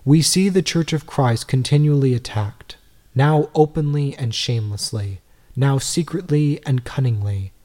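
A man reading a devotional text aloud in a measured, earnest way, full of rhetorical questions. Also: mid-range voice, dark tone. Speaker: reader.

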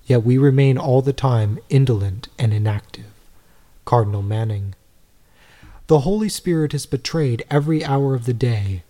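A man reading a devotional text aloud in a measured, earnest way, full of rhetorical questions. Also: medium pitch, dark tone. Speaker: reader.

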